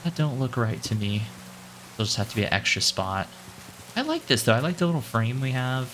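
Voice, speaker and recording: A man casually commenting on his own gameplay, chatty and playful, thinking out loud and jumping up in pitch when excited. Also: brisk, a little hiss or hum. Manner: chatty and playful, calls himself "your boy". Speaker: gaming channel host.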